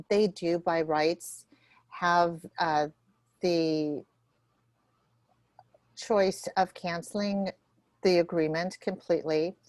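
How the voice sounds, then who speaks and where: A woman leads a real estate training session, going through contract forms one box at a time. Her voice sits a little low, and she talks quickly and nervously, with many ums and restarts. The sound is dry and close, with no room echo. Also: darkish tone.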